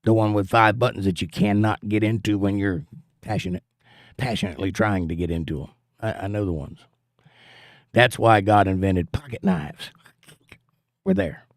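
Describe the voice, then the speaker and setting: A man's voice: on the low side, moderate pace, gravelly, long pauses, no room sound, studio quality. A man from Georgia hosting a livestream, reading viewer comments aloud and telling jokey stories in a folksy way. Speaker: livestream host reading chat. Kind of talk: casual chat.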